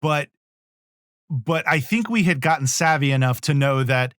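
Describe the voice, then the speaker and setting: A man's voice: a little high, normal speed, dry recording. Chatty man reviewing a film, dry sound. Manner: rambling, self-interrupting, animated asides. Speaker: podcast co-host. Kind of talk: casual movie review chat.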